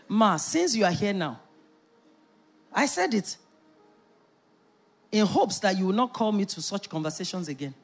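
A middle-aged woman pastor preaching a sermon, emphatic and animated, with playful asides. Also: mid-range voice, slightly rough.

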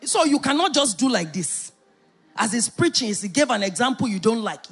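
A middle-aged woman pastor preaching a sermon, emphatic and animated, with playful asides. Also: on the high side, normal speed, breathy edge.

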